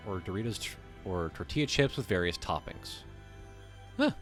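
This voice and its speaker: A livestream host reads a text aloud, breaking off now and then to riff on it casually and sometimes swear. His deep voice is expressive and a bit bright, at a moderate pace over soft background music.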